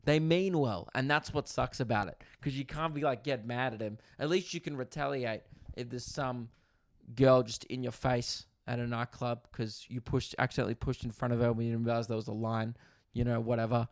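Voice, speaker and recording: Gravelly comedian telling stories. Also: male voice, mid-range voice, a little fast, no echo, clean studio sound. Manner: animated, swears freely, acts out others' voices. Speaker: comedian podcast host. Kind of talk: casual comedic storytelling.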